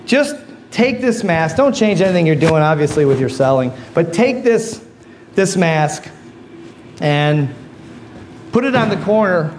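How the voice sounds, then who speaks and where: High-voiced man telling stories on stage. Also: measured pace, pauses often. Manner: animated, acts out quoted dialogue. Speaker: motivational speaker. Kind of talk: keynote speech storytelling. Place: on stage before a live audience. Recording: live audience laughter, noisy room.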